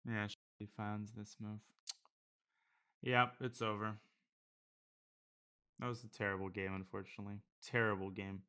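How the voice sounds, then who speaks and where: A man with a fairly low, bright and forceful voice talks through his online blitz games as he plays them. He thinks aloud and jokes around in a casual streaming manner. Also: level tone, measured pace, long pauses, clean tone. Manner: casual, joking, thinking aloud over moves. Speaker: chess streamer. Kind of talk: live commentary while playing online blitz.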